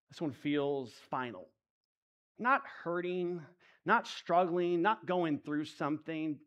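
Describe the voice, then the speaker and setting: A man preaching a sermon, moving between hushed, intimate lines and emphatic rises. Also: on the high side, expressive, takes it slowly. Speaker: pastor.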